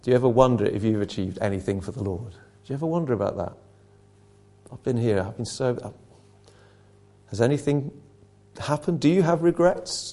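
A male preacher in sermon mode, telling a story in a relaxed, conversational way and then leaning into earnest rhetorical questions. His voice sits at an ordinary middle pitch for a man. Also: moderate pace.

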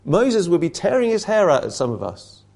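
A man's voice: high voice, wildly swooping pitch, normal speed, gravelly, a little mellow. A man preaching an impassioned sermon, asking rhetorical questions and repeating phrases for emphasis.

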